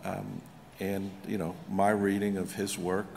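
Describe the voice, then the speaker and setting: A man on a panel answering a question in a measured way, with many fillers. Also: sits low, little pitch movement, creaky, a little mellow, a little hiss or hum. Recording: reverberant hall.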